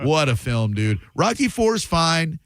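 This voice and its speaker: A man's voice: medium pitch, expressive, normal speed, dry recording. A man hosting a radio show, riffing animatedly in comedic studio banter. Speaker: radio host. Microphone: studio microphone.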